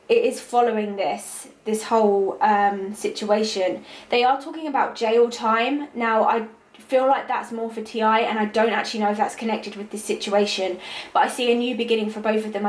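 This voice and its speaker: A woman giving a tarot reading in a monologue. She speaks intuitively, pauses with fillers, and repeats key words for emphasis. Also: medium pitch, reverberant, rough recording. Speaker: tarot reader.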